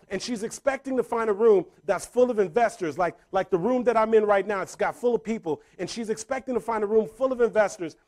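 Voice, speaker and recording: A man telling a story in a motivational speech to a live audience, repeating phrases for emphasis and building to loud peaks. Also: high voice. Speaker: motivational speaker. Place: room full of people.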